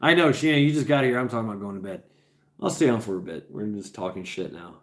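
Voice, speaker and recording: A man's voice: fairly low pitch, quick pace, a bit bright. Rambling profane man in his forties. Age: 40s. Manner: rambling, profane, laughs often, repeats himself. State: tired after hours on stream. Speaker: livestream host. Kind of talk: casual livestream chat.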